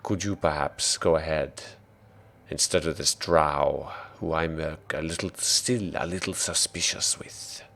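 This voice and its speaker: A man voicing a calm, formal woman mage who speaks with grave, measured words. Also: very deep voice, heavily acted. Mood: wary.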